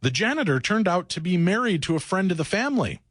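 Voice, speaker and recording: A man's voice: high voice, sing-song, fast, a bit bright, no room sound. A man hosting a casual talk radio show, reading news stories aloud and riffing on them jokily into a studio microphone.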